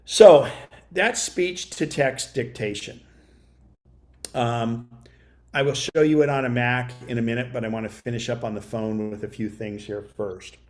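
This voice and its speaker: A man's voice: mid-range voice, measured pace, a little mellow. Man, computer class teacher, middle-aged, chatty, mid-range voice, says punctuation aloud. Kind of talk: demonstrating voice dictation.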